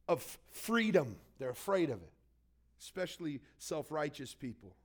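A man preaching a casual, story-driven sermon, acting out the people he quotes. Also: high voice. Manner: storytelling, conversational, acts out quotes. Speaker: pastor. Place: church hall.

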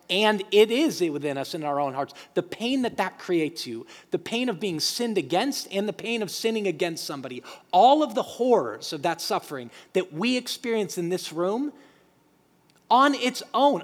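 Male pastor, lively high voice, emphatic sermon delivery, church hall reverb. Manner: animated, emphatic preaching with acted quotes. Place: church sanctuary.

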